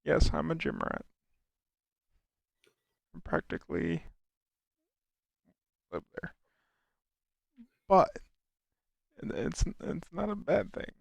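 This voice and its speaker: A young American man on a live stream, answering his viewers' questions one by one. His voice is heavily gravelly and swings widely in pitch, and he often trips over the start of a sentence before going on. The sound is close and dry, with no room around it. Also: huge pitch swings, takes it slowly, long pauses, no room sound. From United States. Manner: reads out and answers chat questions, with frequent restarts. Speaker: livestreamer. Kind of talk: casual live-stream chat.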